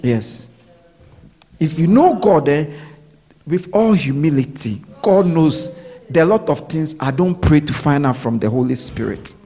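A man delivers a sermon in a husky, slightly raised voice. He repeats key phrases and keeps checking that his listeners are with him. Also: on the high side, lively intonation, a little slow, mellow. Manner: repetitive preaching, checks in with listeners. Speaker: preacher.

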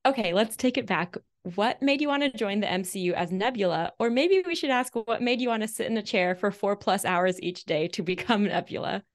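A woman's voice: medium pitch, expressive, fairly quick, few pauses. A woman co-hosting an interview, asking casual questions in a playful, lightly joking way. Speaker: podcast co-host.

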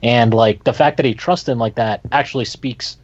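A man's voice: mid-range voice, normal speed, dry recording. A man co-hosting a casual sports talk show, blunt and emphatic, getting fired up as he argues. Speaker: podcast co-host. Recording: dull lo-fi sound.

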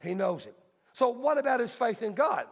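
A male pastor preaching a sermon with emphatic delivery that swings between soft talk and shouting, and he poses questions to the congregation. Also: very high-pitched, lively intonation, moderate pace, highs cut off. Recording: long hall reverb.

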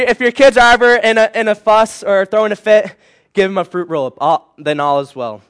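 A tired young man preaching to a youth group, telling a personal story with animated swings between loud and hushed. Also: high voice, smooth.

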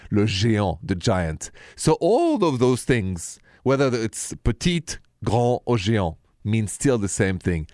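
A man's voice: on the low side, a little mellow, no room sound, studio quality. A man, hosting a call-in radio advice show, explaining things and teasing what comes next. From France. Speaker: radio relationship advice host.

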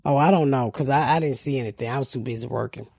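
A middle-aged woman hosting a comedy podcast, telling stories loudly and profanely and acting out other people's voices. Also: rumbling low, fast talker, gravelly, husky, no room sound, clean studio sound. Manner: loud, profane, storytelling with mimicked voices. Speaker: podcast host. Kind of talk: casual comedic chat.

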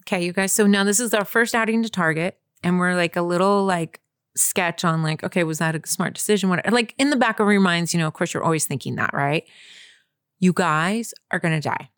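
Animated young woman telling a story. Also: fairly low pitch, a little fast, smooth, no room sound, studio quality. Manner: animated, lots of fillers, acts out her own reactions. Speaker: podcast co-host. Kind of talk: casual storytelling chat.

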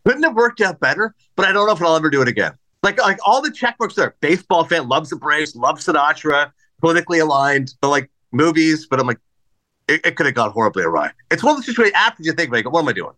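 A man's voice: a little high, quick pace. A middle-aged man hosting a podcast, telling stories in casual chat and acting out the people he quotes. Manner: animated storyteller, acts out quoted people. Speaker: podcast host.

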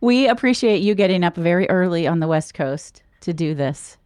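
A woman's voice: lowish voice, expressive, normal speed, darkish tone, smooth, no room sound, studio quality. A woman co-hosting a podcast, chatting in a friendly, easygoing way. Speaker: podcast co-host. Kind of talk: casual podcast chat.

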